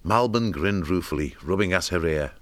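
A man reading a storybook aloud in a measured, expressive narration. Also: low-pitched, no room sound.

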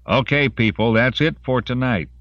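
A man's voice: deep voice, animated, a little fast, no room sound, highs cut off. A man voicing a commanding army sergeant who speaks in a clipped, authoritative way. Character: commanding male army sergeant, curt and hard.

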